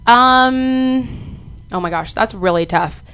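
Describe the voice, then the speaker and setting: Smooth-voiced young woman, chatty guest. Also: on the high side, takes it slowly, a bit bright. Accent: American. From South Africa. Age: young adult. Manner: chatty, many ums, upbeat. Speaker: singer-songwriter guest. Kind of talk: casual radio interview. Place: radio studio.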